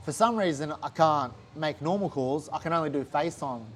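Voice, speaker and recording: Australian man, casual interview storytelling, slightly high voice, swears a lot, faint background noise. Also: fairly quick. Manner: animated, swears often, heavy use of "like". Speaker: interview guest, fighter.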